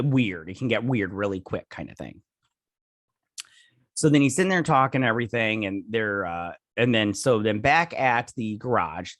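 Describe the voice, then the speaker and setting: A man's voice: mid-range voice, a bit bright, no echo. Rambling sarcastic man recapping a show. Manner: rambling, sarcastic, many fillers and restarts. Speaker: show host reviewing TV episodes. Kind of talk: casual recap and review.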